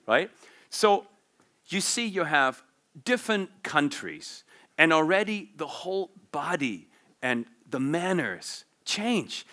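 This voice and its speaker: A man giving a conference talk at a business forum. He explains things in an animated way and uses vivid examples. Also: fairly high pitch. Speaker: forum speaker.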